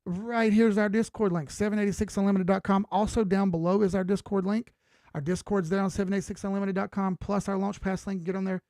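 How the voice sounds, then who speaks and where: A man in his late thirties with a fairly high voice chats casually on a livestream. His delivery is laid-back, blunt and swears freely. The sound is dry and close, with no room echo. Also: level tone, fairly quick, darkish tone. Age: 30s. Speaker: crypto chart analyst and livestream host.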